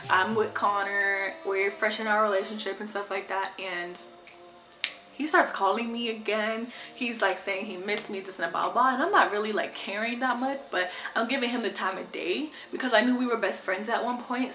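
A young woman in a casual storytime vlog, chatty and animated, swearing freely. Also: medium pitch, roomy sound. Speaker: vlogger.

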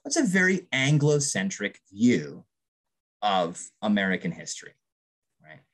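Husky guy from vermont giving a history lecture, super animated, keeps saying right. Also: fairly low pitch, unhurried. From Vermont's Northeast Kingdom. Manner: enthusiastic, frequent tag "right?". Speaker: archaeologist giving a public lecture.

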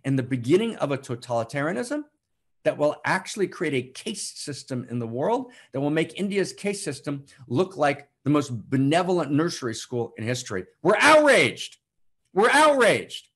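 Male spiritual teacher, husky voice, wide-ranging pitch, emphatic repetitions, loud then hushed. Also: expressive, normal speed. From United States. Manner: emphatic, repeats phrases, swings from loud declarations to hushed tones. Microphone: online broadcast to a live chat.

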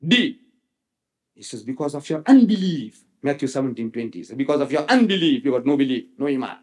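A man's voice: mid-range voice, sing-song, fairly quick, darkish tone. A man giving a public religious lecture, emphatic, repeating phrases for effect and quoting scripture dramatically. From South Africa.

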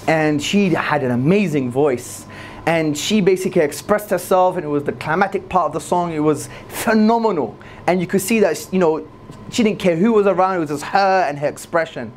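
A man giving an energetic religious lecture to a live audience, repeating key phrases for emphasis. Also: brisk, a little hiss or hum. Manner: swings between loud high emphasis and low asides. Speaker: Islamic lecturer.

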